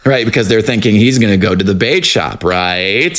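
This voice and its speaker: A man co-hosting a casual podcast, recapping a TV show in a joking, animated way. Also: lowish voice, normal speed. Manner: animated, joking, acts out lines in put-on voices. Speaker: podcast co-host.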